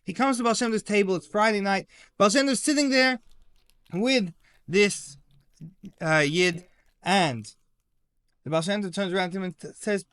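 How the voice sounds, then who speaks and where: Man, Torah teacher, storytelling lesson, high voice, dry close sound. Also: normal speed, long pauses, clean tone, no room sound. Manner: animated storyteller, retells dialogue.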